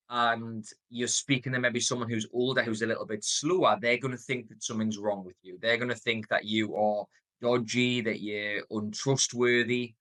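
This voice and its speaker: A man in his thirties with a Geordie accent, giving a motivational sales coaching talk, stressing words, pausing on purpose and shifting his pace. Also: medium pitch, fairly even intonation, a bit bright. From North East England. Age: 30s. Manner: varies tone and pace, deliberate pauses, emphatic.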